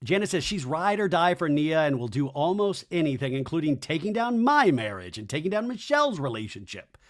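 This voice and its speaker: A male podcast host giving a comedic, profane TV recap in animated, rapid storytelling. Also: on the high side.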